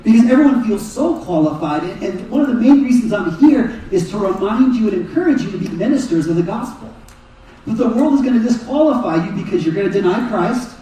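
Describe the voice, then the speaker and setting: Brief: high-pitched man preaching animatedly, recorded from a distance in a big echoing hall. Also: a little fast. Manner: animated preaching, voices Jesus and Peter in quotes. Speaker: pastor. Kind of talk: sermon. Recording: echoey hall, mic far off.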